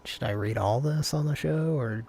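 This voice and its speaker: A man's voice: mid-range voice, moderate pace, darkish tone, a little hiss or hum. A man co-hosting a casual talk show, rambling through stories and reading listener comments aloud. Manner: rambling, self-interrupting storyteller. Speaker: podcast co-host.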